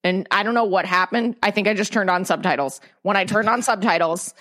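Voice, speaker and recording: A woman's voice: medium pitch, brisk, a bit bright. A woman chatting casually and candidly on a podcast, swearing freely and often restarting her sentences. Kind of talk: casual chat.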